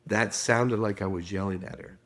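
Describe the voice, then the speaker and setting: A man's voice: lowish voice, fairly even intonation, moderate pace. A middle-aged man, a guest expert in a podcast interview, telling stories and acting out quotes. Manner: storytelling with acted quotes.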